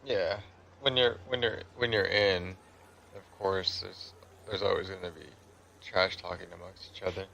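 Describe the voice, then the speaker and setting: Deep gravelly-voiced man gaming. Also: steady tone, a little slow, bright, forceful tone, a little hiss or hum, poor audio. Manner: meandering, conversational anecdote. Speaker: gamer telling a story while playing. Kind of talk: casual storytelling over gameplay.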